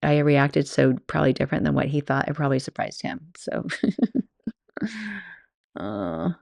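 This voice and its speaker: A woman's voice: a bass voice, expressive, moderate pace, vocal fry, a little mellow, no room sound, clean studio sound. A woman host and yoga teacher telling stories in a chatty, rambling way, laughing often. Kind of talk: casual storytelling monologue.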